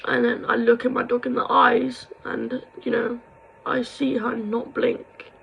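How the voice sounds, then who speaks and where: Young woman vlogger, husky and gravelly, rambling and raw. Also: on the high side, level tone, measured pace, fairly bright tone, poor audio. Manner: rambling, heartfelt, swings into angry ranting. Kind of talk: emotional confessional vlog.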